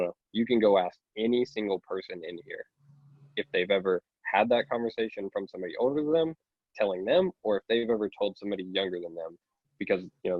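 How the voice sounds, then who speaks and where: A man's voice: sits low, dry recording, narrow, tinny audio. A man in a casual podcast chat, telling a story and quoting what others said.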